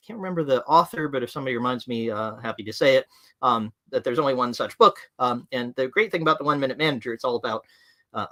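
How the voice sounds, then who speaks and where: Bright-voiced man giving a frank talk. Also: medium pitch. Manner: frank, direct. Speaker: livestream presenter on management. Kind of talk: live webinar talk.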